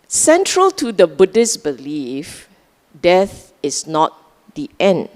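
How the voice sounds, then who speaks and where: A woman with a Singaporean English accent gives a dharma talk at an unhurried pace. Her pitch rises and falls freely as she teases and questions her audience. The long reverb of a large hall trails after each phrase. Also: huge pitch swings. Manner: conversational, teasing, asks the audience questions. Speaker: Buddhist dharma speaker.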